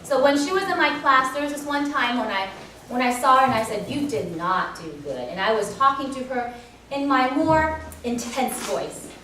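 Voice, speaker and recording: A woman piano teacher speaking to children and parents at a recital, telling animated stories and acting out her students. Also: high-pitched, normal speed, slight background noise. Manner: animated storytelling, acts out students. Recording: echoey room from far off.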